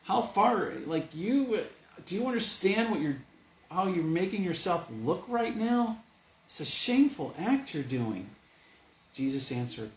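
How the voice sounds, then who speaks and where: A man preaching a sermon as a pastor, in a lively, conversational way, full of rhetorical questions. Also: high voice, unhurried. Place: church. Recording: echoey church room.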